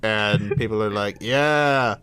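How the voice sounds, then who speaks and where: A man's voice: medium pitch, a little fast, over a noisy crowd. Man teasing his co-hosts on a podcast. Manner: dry, teasing, steers the show. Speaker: podcast co-host. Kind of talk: casual comedy podcast banter.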